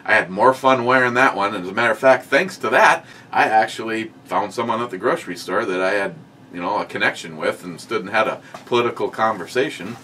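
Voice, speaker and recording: A man co-hosting a casual chat, ranting and swearing as he tells animated stories. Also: on the low side, fairly quick, a little hiss or hum. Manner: ranting, profane, animated storytelling. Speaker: podcast co-host.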